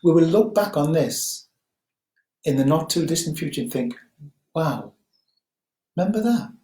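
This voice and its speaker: A man who teaches mindfulness, leading a guided meditation talk slowly and gently, with frequent ums. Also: a little high, expressive, reverberant, low-quality recording.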